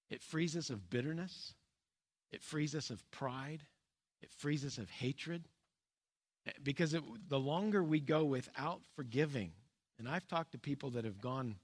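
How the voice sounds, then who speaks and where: Speaking at a middle pitch, this pastor delivers his sermon plainly and earnestly. Frequent pauses and restarts mark his speech, and his most important points sink low and quiet.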